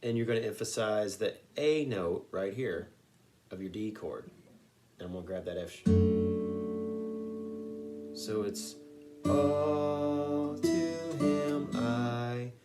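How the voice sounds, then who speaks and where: A man teaching a guitar song note by note, patiently walking through each finger move and sometimes singing a lyric. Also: on the low side. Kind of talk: step-by-step guitar lesson.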